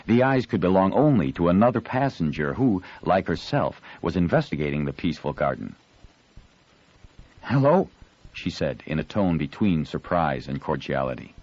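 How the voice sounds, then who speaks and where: Deep-voiced male audiobook narrator, expressive. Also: brisk, hardly any pauses, highs cut off. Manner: expressive storytelling, shifting into character voices.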